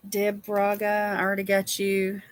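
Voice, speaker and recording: A woman's voice: mid-range voice, monotone, moderate pace. A woman, chatting casually with viewers as a livestream host and reading their names aloud. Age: 60s.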